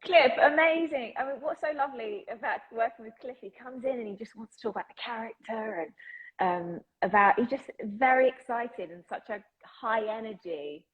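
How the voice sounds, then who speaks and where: Chatty English actress, laughing easily. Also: female voice, a little high, moderate pace, narrow, tinny audio. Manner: chatty and enthusiastic, laughs often. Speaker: actress guest. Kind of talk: casual interview chat.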